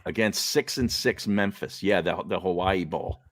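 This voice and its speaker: Deep-voiced guy co-hosting sports talk, laid-back and wry, dead dry sound. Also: moderate pace, no echo. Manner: relaxed, wry, trails off while reading. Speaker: co-host.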